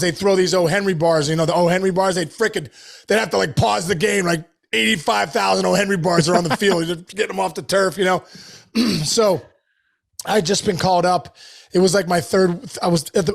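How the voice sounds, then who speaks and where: High gravelly guy, ex ballplayer, rambling stories, says dude a lot. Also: fairly quick. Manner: animated storyteller, lots of "dude" and "like". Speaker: guest, former baseball player. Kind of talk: casual storytelling chat.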